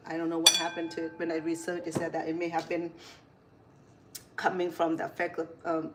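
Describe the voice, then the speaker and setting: A woman's voice: low voice, completely flat delivery, brisk, heavy background noise. A middle-aged woman chef chatting through a casual cooking demonstration, wandering into stories and correcting herself as she goes. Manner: chatty, rambling, corrects herself mid-sentence.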